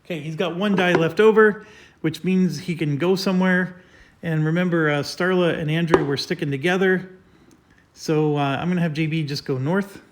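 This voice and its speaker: A man's voice: fairly high pitch, normal speed, noisy background. A man hosting a board game playthrough, explaining each move step by step with frequent fillers. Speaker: host.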